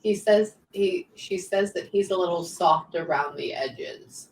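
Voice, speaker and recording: A woman working as a psychic medium, relaying messages in quick bursts and often pausing to say "hang on" during a live reading session. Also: fairly low pitch, darkish tone. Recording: echoey room, distant mic, faint background noise.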